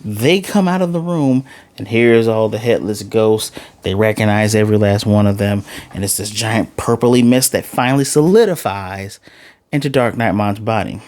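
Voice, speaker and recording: A man's voice: fairly low pitch, moderate pace. A man casually recapping and ranting about an anime episode, rambling and acting out the characters' lines as he goes. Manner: animated retelling, acts out lines, rambling. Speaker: anime reviewer.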